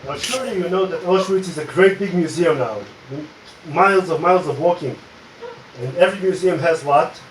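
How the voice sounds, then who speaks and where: An Israeli man in his forties performs stand-up in English, his second language after Hebrew, delivering dark jokes deadpan with plenty of hesitant "uh"s. His voice sits a little high for a man. It is caught from a distance in an echoey basement room with faint ambience behind. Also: a little fast, slight background noise. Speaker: stand-up comedian. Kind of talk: open-mic stand-up. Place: small basement comedy club. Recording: roomy echo, distant mic.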